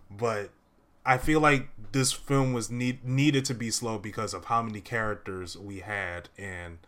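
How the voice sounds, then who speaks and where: A man's voice: on the low side, bright, forceful tone. A young man hosting a casual movie review chat, rambling through his recap with lots of "uh" and "like".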